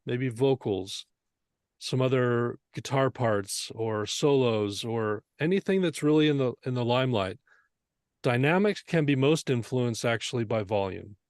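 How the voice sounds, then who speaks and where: A mixing instructor teaches a lesson on mixing in a dry room with no room sound. His voice is medium in pitch, and he is earnest and explanatory, posing rhetorical questions.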